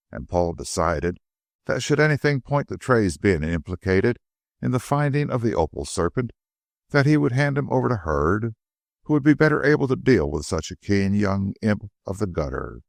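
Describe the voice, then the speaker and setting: A man narrating an old mystery novel with a lively, expressive reading that rises and falls widely. His voice sits a little low and sounds dry and close, with no room around it. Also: creaky, no room sound. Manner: expressive reading, acting out dialogue. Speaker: audiobook narrator. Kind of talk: scripted narration.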